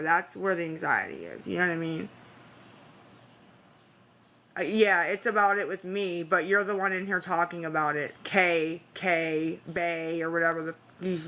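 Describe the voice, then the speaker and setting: Tired woman livestreaming, anxious and pleading, bright, tense tone, rambling casual chat. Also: on the low side. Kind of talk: casual live-stream chat.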